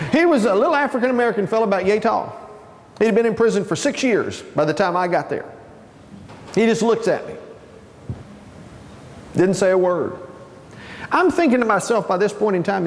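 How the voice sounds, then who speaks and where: A man's voice: high-pitched, big-room sound. A man giving a storytelling keynote speech, acting out the voices of people in his story. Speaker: keynote speaker.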